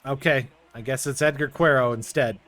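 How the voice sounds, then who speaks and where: A young man narrating his baseball video game play by play, quickly getting frustrated at the game. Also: mid-range voice, steady tone, a bit bright. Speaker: gaming YouTuber. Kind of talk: casual video game commentary.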